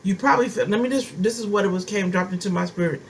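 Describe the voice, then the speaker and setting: A woman's voice: mid-range voice, fast talker, slight background noise. A middle-aged woman prophetess preaching a sermon, impassioned and driving her points home with emphatic repetition.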